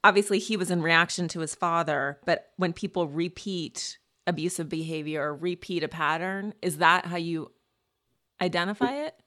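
A woman's voice: fairly low pitch, moderate pace, a bit bright. A woman hosting an interview, asking thoughtful, searching questions. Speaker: podcast host.

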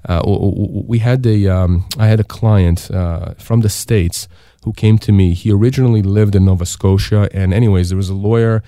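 A middle-aged Canadian lawyer specializing in disability insurance appears on a radio talk show, emphatically advising listeners and repeating rhetorical questions to make his case. His fairly low, dark voice has fairly even intonation and a moderate pace, recorded in studio quality without echo.

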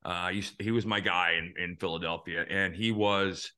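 A man in his fifties with a bright, forceful voice hosts a casual talk show. He tells his stories earnestly and with animation, with the odd curse thrown in. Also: low-pitched, normal speed. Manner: earnest, animated storyteller who swears now and then. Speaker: podcast host. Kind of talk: casual storytelling chat.

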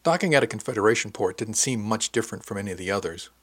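A man reading a novel aloud in the first person, with a low-set voice. His storytelling is measured and lightly wry, in a steady audiobook delivery. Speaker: audiobook narrator.

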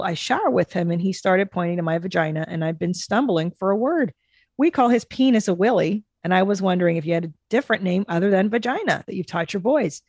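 A middle-aged woman co-hosting a podcast, chatting casually with lots of swearing and animated storytelling. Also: mid-range voice, gravelly, no room sound, clean studio sound. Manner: profane, animated storytelling with mimicked voices. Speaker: podcast co-host.

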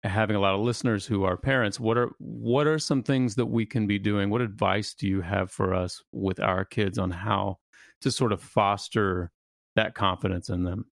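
A man's voice: lowish voice, steady tone, moderate pace, vocal fry, no room sound, clean studio sound. A man in his thirties co-hosting a podcast, asking earnest, reflective questions. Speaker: podcast co-host. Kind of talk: casual podcast interview.

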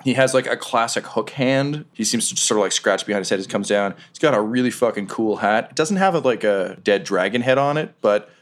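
A man's voice: on the low side, a little fast, hardly any pauses. A man narrating a tabletop game as game master in a casual, rambling way.

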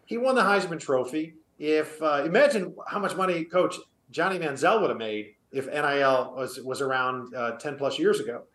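A man's voice: on the high side, normal speed, few pauses, fairly bright tone, reverberant. A man and former college football player, speaking as an interview guest, earnest and opinionated with a storytelling manner. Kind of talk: casual sports interview.

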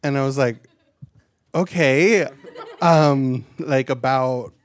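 A man's voice: mid-range voice, unhurried, a little hiss or hum. A man doing a stand-up comedy set on a live stage into a handheld mic, chatty and self-deprecating with lots of asides.

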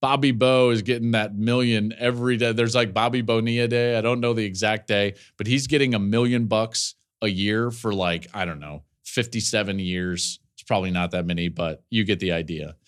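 A man in his forties, a college football analyst, giving podcast commentary with animated storytelling and laughing asides. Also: fairly low pitch, moderate pace, few pauses.

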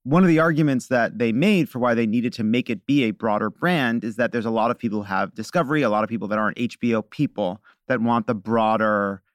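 A man hosting a podcast, delivering a loud, mock-furious comic rant full of swearing. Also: mid-range voice, fast, hardly any pauses, dry recording, studio quality. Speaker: podcast host.

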